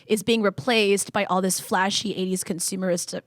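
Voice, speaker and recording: A woman co-hosting a casual podcast chat, excitable and profane, laughing as she talks. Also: medium pitch, moderate pace, no room sound, clean studio sound. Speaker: podcast co-host.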